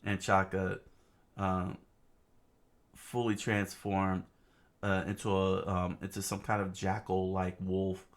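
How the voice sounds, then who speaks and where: A man reading a comic aloud in a casual, halting way, with many fillers and asides about the panels. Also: low-pitched, little pitch movement. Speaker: reader of a comic.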